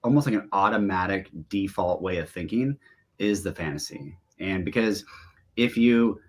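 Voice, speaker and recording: A man's voice: sits low, moderate pace. A man in his forties, a relationship coach, talking candidly and animatedly in an interview. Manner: animated, candid, bursts of emphasis.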